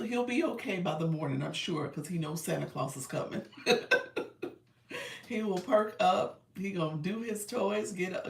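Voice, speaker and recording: A middle-aged woman hosting a casual live stream, congested and clearing her throat, chatting and laughing with her viewers. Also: lowish voice, roomy sound, far from the mic. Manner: chatty, laughs often, addresses viewers as y'all. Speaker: live stream host and creator coach.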